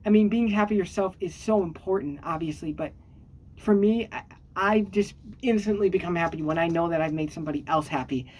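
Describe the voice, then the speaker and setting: A woman chatting to camera in a rambling, earnest way, with many fillers and restarts and bursts of squeaky excitement. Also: brisk. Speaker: vlogger. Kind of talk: casual chat to camera. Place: at home on a squeaky chair.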